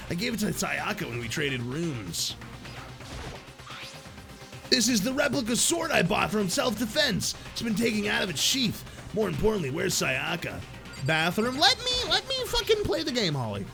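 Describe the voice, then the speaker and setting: A man streaming a visual novel, reading the lines aloud in a loud, excitable way and breaking in with crude jokes and sudden shouts. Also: high-pitched, vocal fry. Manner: crude jokey asides. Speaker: let's-play streamer.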